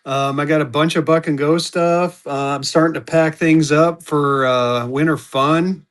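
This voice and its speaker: Male live auction host, rambling chatty delivery, slightly high voice. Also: steady tone, measured pace. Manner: rambling and chatty, restarts, talks to viewers by name. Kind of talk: casual live-stream selling chat.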